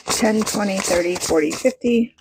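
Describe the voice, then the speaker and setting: A woman budgeting vlogger chatting casually as she counts cash, bubbly and excitable, talking to herself as she goes. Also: mid-range voice, normal speed, noisy background. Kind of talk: casual vlog chat while counting cash.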